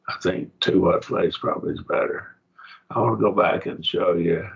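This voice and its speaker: A man with a very low, gravelly voice teaches a Bible class at an unhurried pace. He walks through the Greek grammar one step at a time and keeps checking that the students follow. The recording sounds dull and lo-fi. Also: fairly even intonation. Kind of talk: college-level Bible study lesson.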